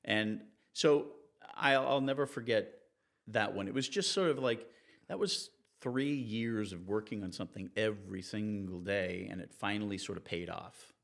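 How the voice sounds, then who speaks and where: A man, a TV reporter and interview guest, telling anecdotes in a relaxed, animated way and acting out the people he quotes. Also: moderate pace, creaky. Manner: animated, acts out quoted people with raised pitch. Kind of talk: conversational storytelling in an interview.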